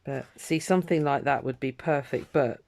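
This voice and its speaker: A woman with a very deep, creaky, darkish voice talks at a normal speed over slight background noise. She's vlogging her crafting in a casual, rambling way, abandoning and restarting thoughts and interrupting herself with lots of ums.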